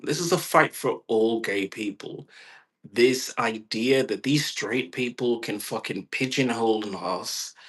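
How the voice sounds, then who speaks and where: A man's voice: on the low side, a bit bright. A man vlogging an emphatic, profane rant, repeating himself and swearing often. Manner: emphatic, repetitive, heavy swearing. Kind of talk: profane ranting monologue.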